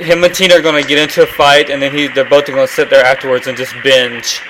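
A man's voice: medium pitch, flat delivery, fast talker, noisy background. A man co-hosting a podcast, gossiping and joking crudely in casual chat. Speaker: podcast co-host.

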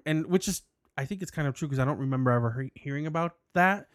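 A man's voice: fairly high pitch, quick pace, dry recording, studio quality. A man co-hosting a podcast, telling a rambling story with lots of laughs and restarts. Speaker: podcast co-host. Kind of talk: casual chat. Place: indoor recording studio.

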